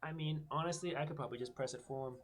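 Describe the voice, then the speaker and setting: A man playing a character in a tabletop game, asking quick questions about the rules. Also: a little high. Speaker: player. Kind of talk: casual tabletop play.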